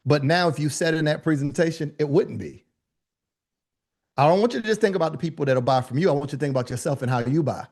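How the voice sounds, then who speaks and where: Lively man coaching a workshop crowd. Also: on the high side, fast talker. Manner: animated, joking asides, talks to the room directly. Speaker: business speaking coach. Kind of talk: live workshop teaching.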